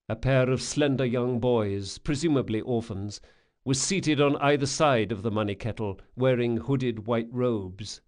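A man reading a fantasy audiobook in a measured, descriptive storytelling manner. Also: mid-range voice, darkish tone. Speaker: narrator. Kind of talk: scripted audiobook narration.

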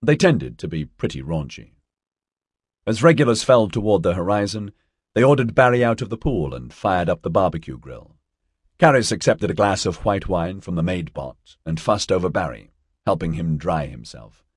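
Male audiobook narrator, deep and husky, expressive delivery, dry booth sound. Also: normal speed, dry recording. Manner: steady storytelling with lightly voiced dialogue. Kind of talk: scripted narration.

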